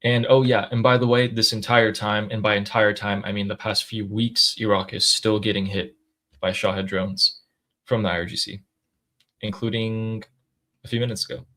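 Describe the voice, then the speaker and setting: A man's voice: on the low side, level tone, normal speed, pushed and bright. A man hosting a casual news commentary, explaining events matter-of-factly. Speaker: host.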